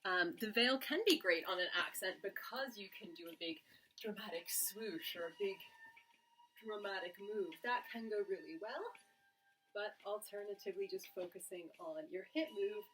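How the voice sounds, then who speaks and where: A woman from the UK teaching a dance lesson, explaining in a relaxed, casual way with some filler words. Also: medium pitch, normal speed, a little hiss or hum. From United Kingdom. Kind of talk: casual instructional talk.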